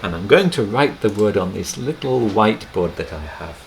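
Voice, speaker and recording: A low-voiced man teaches a lesson to camera, taking his time and pausing gently between phrases. His voice has a gravelly edge. A webcam microphone picks him up with a faint hiss behind. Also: animated, rough recording. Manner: slow, unhurried explaining with gentle pauses. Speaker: language teacher.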